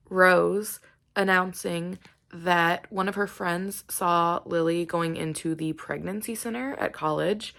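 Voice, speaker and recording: A woman's voice: fairly low pitch, gravelly, a bit bright. A young woman chatting in a casual reading vlog, gushing and laughing often as she talks about what she's reading. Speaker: book vlogger.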